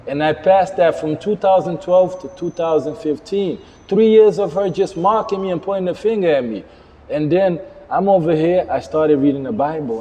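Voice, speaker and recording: A man's voice: on the high side, dark tone. Earnest man with reverb. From Cape Verde. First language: Cape Verdean Creole. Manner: earnest, repetitive, halting phrasing. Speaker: guest. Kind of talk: personal life testimony. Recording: long reverb.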